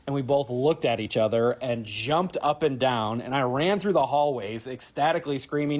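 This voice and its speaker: Male teacher, mid-pitched, casual storyteller, chatty with fillers. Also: normal speed, hardly any pauses. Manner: conversational with fillers, excited. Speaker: high school teacher.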